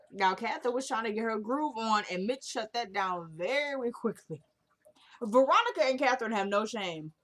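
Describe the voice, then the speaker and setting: A woman talks through the latest episode of a TV drama in a loose, conversational recap. She is opinionated and reacts strongly to what the characters do. Her voice sits at an ordinary middle pitch for a woman. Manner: chatty, opinionated, reacts loudly to the plot. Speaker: TV recap vlogger.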